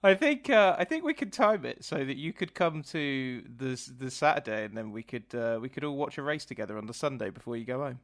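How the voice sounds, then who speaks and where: A man's voice: medium pitch, animated, fairly quick, hardly any pauses. A man co-hosting a podcast in casual, self-deprecating chat. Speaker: podcast co-host.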